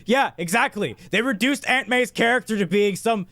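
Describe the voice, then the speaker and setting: A man's voice: high-pitched, animated, normal speed, sharp tone, dry recording. A man co-hosting a casual podcast, blunt and opinionated with frequent swearing. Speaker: podcast co-host. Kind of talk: casual chat.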